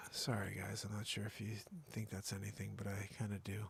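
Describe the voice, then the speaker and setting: A man hosting a comedy stream with a gravelly, husky voice. He talks excitedly, dropping at times to a whisper, and his tone is bright. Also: fairly low pitch, moderate pace, no room sound. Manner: excitable, self-amazed, sometimes whispered. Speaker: host. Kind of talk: live-stream comedy chat.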